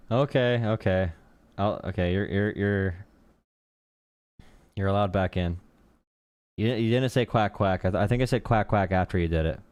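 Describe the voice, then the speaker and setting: A man's voice: low voice, measured pace, long pauses, a little mellow, clear, resonant tone, no echo. A man hosting a political live stream, rambling and joking as he talks to his chat and thanks donors.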